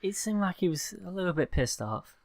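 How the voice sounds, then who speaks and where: A man co-hosting a casual video chat, upbeat and quick to prompt his partner. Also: high voice, very animated, no room sound, studio quality. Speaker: co-host.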